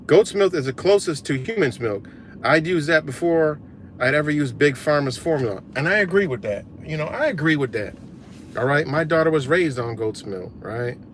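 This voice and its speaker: A man's voice: fairly high pitch, a little hiss or hum. A man hosting a casual livestream, ranting with lots of profanity and answering viewer comments. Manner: profane, animated, talks back to comments. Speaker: livestream host.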